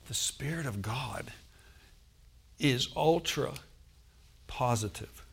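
Man, pastor, sermon, mid-pitched voice, call-and-response asides, loud swells and soft hushed lines. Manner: swings from loud emphasis to soft intimate tones.

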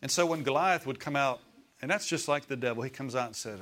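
A man's voice: medium pitch, fast, fairly bright tone. A male pastor preaching a sermon in a conversational way, often turning to the congregation with questions. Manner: acts out voices in quotes.

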